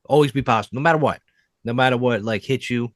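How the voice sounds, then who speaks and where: A man's voice: medium pitch, fast talker, no echo. Casting: male podcast co-host, rambling, easygoing, dry close mic. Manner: rambling, lots of fillers, animated storytelling. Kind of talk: casual chat.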